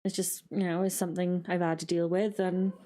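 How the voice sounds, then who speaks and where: A woman, co-hosting a podcast in casual, candid chat full of likes and quick laughs. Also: fairly low pitch, little pitch movement, dark tone. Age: 20s. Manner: halting and candid, many likes, laughs often.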